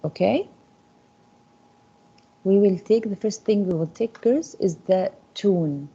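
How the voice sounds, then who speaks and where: A woman's voice: mid-range voice, takes it slowly, creaky, dark tone, breathy edge. A woman teaching an English class, often checking in with her students by asking "Okay?". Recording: dull lo-fi classroom recording.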